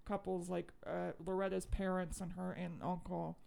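A woman co-hosting a podcast, telling a film's plot in rambling, animated casual chat. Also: fairly low pitch, normal speed, creaky. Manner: rambling and animated, lots of fillers, swears. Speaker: podcast co-host. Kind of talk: casual chat recapping a film.

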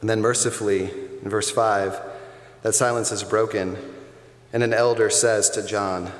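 A man's voice: on the low side, moderate pace. A male pastor giving a sermon in a conversational, emphatic way, repeating key phrases for weight. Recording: echoey church hall with long reverb.

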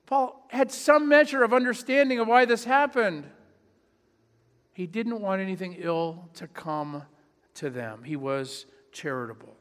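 High-voiced man preaching in a reverberant hall. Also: fairly bright tone. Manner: conversational, self-deprecating preaching with mock voices. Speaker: pastor. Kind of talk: sermon.

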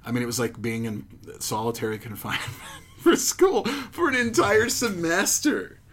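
A man's voice: mid-range voice, huge pitch swings, normal speed, fairly bright tone. A young man hosting a casual podcast chat, blunt and teasing, swearing freely. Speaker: podcast host.

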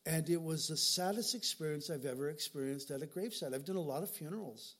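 A man's voice: on the high side, fast talker, a bit bright. An older male pastor preaching an earnest sermon, telling stories and often repeating words as he speaks. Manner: earnest, storytelling, repeats words when moved.

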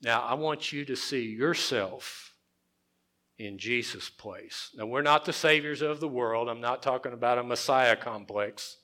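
A male pastor preaching a sermon in a conversational way, repeating phrases and dropping his voice to a hush for emphasis. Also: medium pitch, a little slow.

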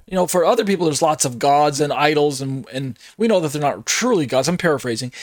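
A man's voice: on the high side, expressive, fast, hardly any pauses, no room sound, studio quality. A man giving an earnest Bible teaching, emphatic and repeating himself, with many fillers.

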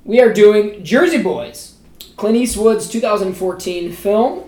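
A man's voice: high-pitched, a little slow, darkish tone. A young man hosting a podcast in a casual, teasing way, laughing often. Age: young adult. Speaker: podcast host. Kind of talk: casual chat. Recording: echoey room.

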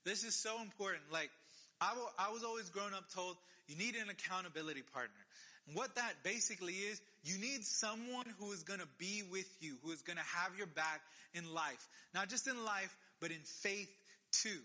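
A man's voice: high voice, moderate pace. A man giving a casual, conversational sermon, urging listeners with emphatic repeated phrases. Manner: conversational, emphatic repetitions, animated.

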